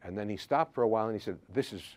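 Low-voiced older man giving a halting lecture. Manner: halting, frequent uh fillers. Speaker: history professor. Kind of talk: lecture with anecdotes. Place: classroom.

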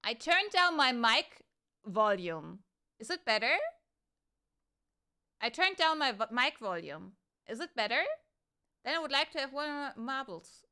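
A young woman streaming a game, chatting casually with her viewers and breaking into excited shouts. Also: high voice, a little slow, long pauses, clear, resonant tone. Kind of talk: casual live-stream chat.

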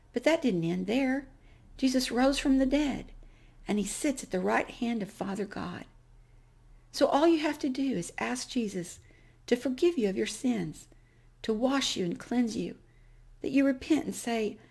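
A middle-aged woman hosting a vlog, telling a personal faith story and acting out the dialogue, her voice swinging from hushed to loud and excited. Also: fairly high pitch, vocal fry, breathy edge. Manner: animated, gets loud and excited retelling dialogue. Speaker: vlog host.

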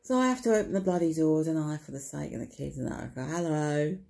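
A woman's voice: deep voice, big pitch swings, racing, creaky, warm tone. A woman tells a rambling comic story to camera, chatty and wry, swearing casually and peppering it with tag questions. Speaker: vlogger.

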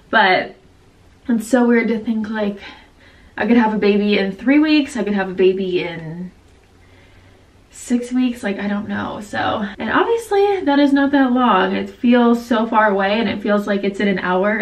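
Breathless pregnant woman, young, chatty vlog delivery, higher voice, mic a little distant. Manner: chatty, filler-heavy, laughs often. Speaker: vlogger. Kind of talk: casual vlog chat.

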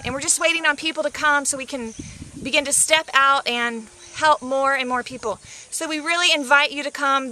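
A woman's voice: high voice, sharp tone. A woman leading a walking tour of an outdoor hillside site, enthusiastic and inviting, out of breath from the incline. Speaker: mission project leader giving a site tour.

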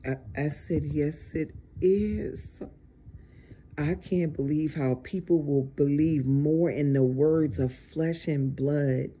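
Weary, husky-voiced preacher, slow and dark. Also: mid-range voice, steady tone, lo-fi sound. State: tired, exasperated. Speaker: online preacher. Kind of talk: informal video sermon.

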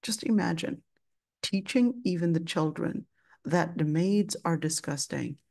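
A woman's voice: fairly low pitch, measured pace, vocal fry, darkish tone. A woman teaching an Islamic studies class, telling a personal story with passion and acting out both sides of the conversation. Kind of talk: storytelling lesson with quoted dialogue.

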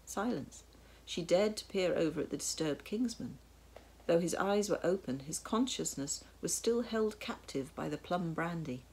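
A woman narrating a storybook tale in a measured, wry way. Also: fairly low pitch, expressive, a little mellow, husky. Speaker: audiobook narrator.

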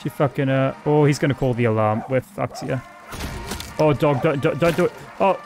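Australian man, gaming host, loose let's-play commentary, cheerfully profane, mid-pitched voice, game music faint underneath. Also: moderate pace, darkish tone. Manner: casual, swears freely, chats to the game characters.

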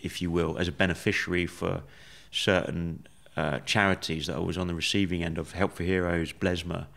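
A man with a very low voice talks through his story as a podcast guest. He speaks in a measured, reflective way and often pauses on fillers. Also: level tone, gravelly, a bit bright. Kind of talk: conversational storytelling.

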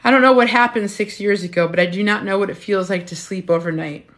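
A woman's voice: medium pitch, fast talker, fairly bright tone. A woman in her fifties, a menopause health coach, chatting casually and frankly on a phone at home, swearing freely. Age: 50s. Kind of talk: casual live-stream chat.

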